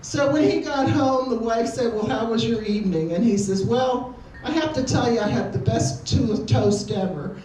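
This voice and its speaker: Telling laid-back, anecdotal jokes to an audience, this older woman performs amateur stand-up in a community hall. Her voice is a little high and mellow at a moderate pace, recorded from a distance in an echoey room with a bit of hiss or hum.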